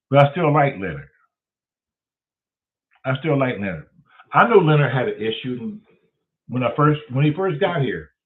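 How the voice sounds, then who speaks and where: A man telling a casual, profane story as the host of a talk show, acting out every voice. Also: mid-range voice. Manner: profane, animated storyteller who acts out the voices. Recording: tinny phone-like sound.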